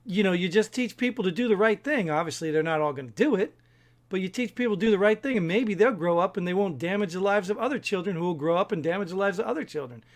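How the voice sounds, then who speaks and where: A man co-hosting a casual discussion podcast, argumentative and talking in rapid bursts, often clearing his throat. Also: high voice, lively intonation. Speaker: podcast co-host.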